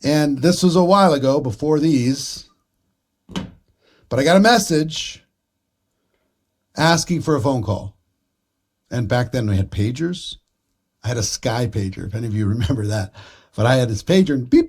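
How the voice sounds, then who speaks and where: A middle-aged man with an everyday mid-range voice delivers a daily business pep talk. He tells stories in a chatty, conversational way, and his voice climbs and gets louder when he makes a point. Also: mid-range voice, lively intonation, normal speed, long pauses. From Minnesota, USA. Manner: storytelling, conversational, with rising emphasis and sound effects. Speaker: network marketing trainer.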